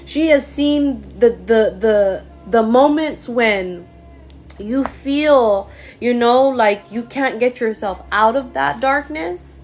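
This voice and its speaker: Woman, psychic medium, live-stream reading, emotional, fillers, soft music behind. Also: on the high side, takes it slowly. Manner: emotional, gushing, repeats words and fillers. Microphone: phone or computer mic on a live stream.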